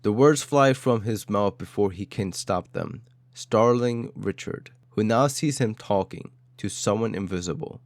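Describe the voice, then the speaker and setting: Male story narrator, dramatic and clipped; low-pitched, dry sound. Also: unhurried, no echo.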